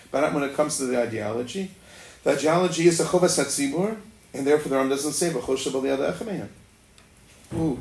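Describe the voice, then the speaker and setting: Gravelly man teaching a Torah class. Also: mid-range voice, darkish tone. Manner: thinking aloud, rhetorical questions, many fillers. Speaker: Talmud teacher. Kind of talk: Torah lecture. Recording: echoey room, faint noise.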